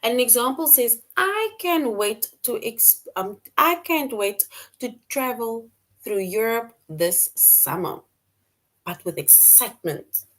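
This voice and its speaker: A woman's voice: on the high side, animated, takes it slowly, a bit bright. A woman teaching a middle-school grammar lesson, repeating key points and explaining with examples.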